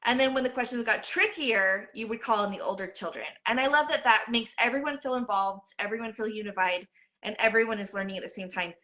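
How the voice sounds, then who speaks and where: Woman host, bright tone, higher voice, enthusiastic, casual teaching chat. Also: fairly quick. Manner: enthusiastic, warmly praising.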